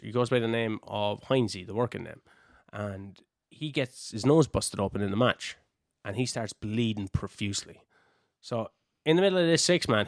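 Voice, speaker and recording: Young Irish wrestler, podcast guest, loose and profane anecdotes, dry close mic. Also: male voice, mid-range voice, no room sound. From Ireland. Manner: swears freely, animated anecdotes. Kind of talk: casual storytelling.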